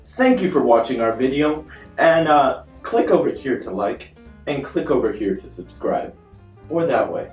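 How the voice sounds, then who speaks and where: A young man, a student, giving a relaxed, informal outro to a class video. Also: medium pitch. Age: young adult. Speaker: student presenter. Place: library study room. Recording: echoey room, distant mic, music.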